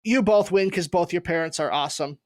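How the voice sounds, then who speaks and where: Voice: medium pitch, a little fast, dry recording. A podcast co-host joking and encouraging the others in easygoing chat, with a mid-range voice. The sound is dry and close. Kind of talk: casual movie podcast chat.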